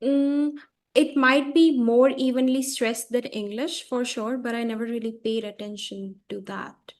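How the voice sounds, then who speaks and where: A woman with a high voice hosts an interview over a video call. She asks her questions politely and softly. Her manner stays courteous throughout. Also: steady tone, a little slow. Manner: polite, soft-spoken questioner. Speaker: host of English learning channel.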